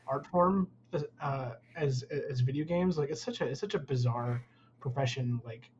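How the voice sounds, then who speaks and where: A man's voice: mid-range voice, moderate pace, muffled recording, slight background noise. A man who works as a concept artist, speaking as a guest in a casual interview and rambling with many fillers.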